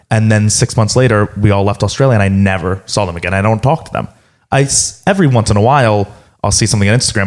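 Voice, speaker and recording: A young man co-hosting a podcast in casual chat, rambling and saying "like" often. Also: fairly low pitch. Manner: rambling, uses "like" a lot. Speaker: podcast co-host.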